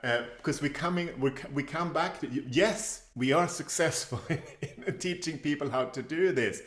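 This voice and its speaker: A man explaining how the tongue shapes vowels in a casual, halting way, often restarting his sentences. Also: fairly high pitch, a bit bright. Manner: halting, with frequent restarts and chuckles. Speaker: phonetics expert explaining tongue positions. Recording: roomy echo.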